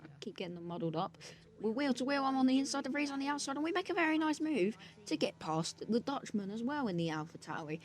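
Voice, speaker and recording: A man's voice: very high voice, big pitch swings, quick pace. Male gaming creator, joking sarcastic race commentary. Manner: joking, self-mocking and sarcastic. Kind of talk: narrated racing game commentary. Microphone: desk mic, sometimes speaking off-mic.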